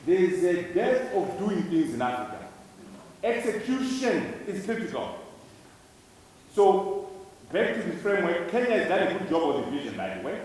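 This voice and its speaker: A man's voice: high voice, sing-song, brisk, darkish tone. Man, from Zimbabwe, emphatic speech, distant mic, reverberant hall, faint room noise. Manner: emphatic, repeating key words for effect. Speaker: conference speaker. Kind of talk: public speech to students. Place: large lecture hall. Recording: echoey hall, speaker far from mic.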